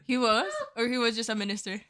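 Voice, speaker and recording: A woman's voice: a little high, steady tone, fast talker, crowd noise. A woman co-hosting a casual podcast, playful and laughing as she rambles through anecdotes. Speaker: podcast co-host.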